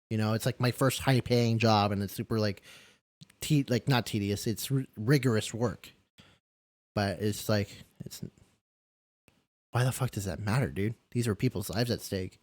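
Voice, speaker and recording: A man's voice: fairly low pitch, unhurried, long pauses, a little mellow, no echo. A young man telling a personal story in a candid, rambling way during a live-streamed interview, with many restarts and the odd swear word. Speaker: caregiver and podcast guest.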